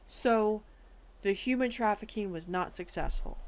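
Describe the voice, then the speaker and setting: A woman's voice: mid-range voice, measured pace. A woman streamer casually reading documents aloud, breaking off with incredulous asides.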